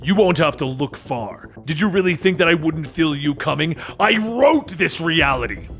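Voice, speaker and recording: A man's voice: lively intonation, moderate pace, fairly bright tone. A man voicing an imperious, godlike male creator of worlds in a comic story recap. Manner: imperious, booming.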